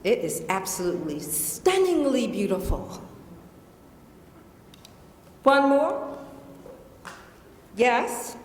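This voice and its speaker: A woman's voice: fairly high pitch, sing-song, very slow, long pauses, slight background noise. Emphatic Southern woman in an echoey hall. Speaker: guest lecturer. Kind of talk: lecture Q&A. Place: large lecture hall. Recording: echoey hall with long reverb.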